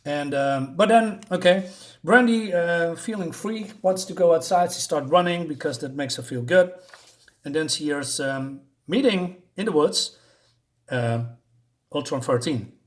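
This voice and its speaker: A man's voice: fairly high pitch, lively intonation, unhurried. A man giving a casual, rambling comic book review on his channel, with lots of fillers and restarts.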